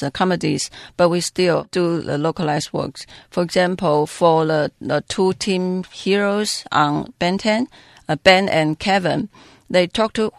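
This is a dubbing director being interviewed. The voice is gravelly and sits in a middle pitch. The speech is halting, searching for words, and the sound is dry and close. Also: dry recording. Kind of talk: interview answers in a second language.

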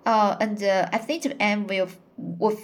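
A woman reading a novel aloud and pausing to give her own hesitant, careful commentary. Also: mid-range voice, steady tone. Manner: careful, hesitant, searching for words. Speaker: audiobook reader. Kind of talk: slow read-aloud with personal commentary.

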